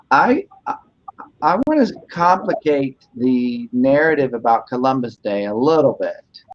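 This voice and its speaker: A man's voice: mid-range voice, dull audio. A man hosting a discussion on a church broadcast, thinking aloud with many restarts and fillers. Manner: thoughtful, hesitant, many restarts. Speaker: host. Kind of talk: casual discussion.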